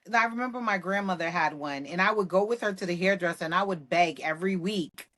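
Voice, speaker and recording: A woman co-hosting a podcast in an easy, conversational way, somewhat low in pitch. She talks with animated emphasis and a blunt, no-nonsense edge. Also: fast talker. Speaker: podcast co-host. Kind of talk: casual chat.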